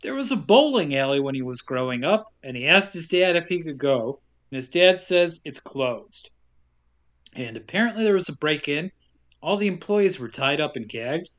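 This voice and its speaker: Podcast co-host, male, slightly high voice, wry and chuckly recapping a film. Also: animated, moderate pace, fairly bright tone. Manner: wry, laughing while telling the plot. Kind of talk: casual chat, recapping the plot.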